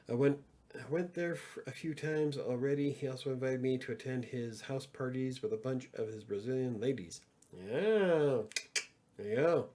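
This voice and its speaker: A man's voice: mid-range voice, warm tone. A middle-aged man hosting a casual livestream, joking around and reading chat messages aloud. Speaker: livestream host.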